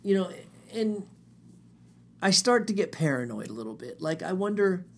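A man's voice: high-pitched, normal speed, gravelly, slightly rough. A man telling a long personal story in a casual, profane, rambling way, often quoting others. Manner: profane, rambling, animated retelling with quoted voices.

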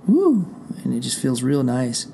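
A man's voice: medium pitch, fairly even intonation, normal speed, vocal fry, darkish tone, a little hiss or hum. A middle-aged man hosting his show from a room indoors, talking straight to his listeners in a rambling, profane, digressive monologue. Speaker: show host. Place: indoor room behind a closed door.

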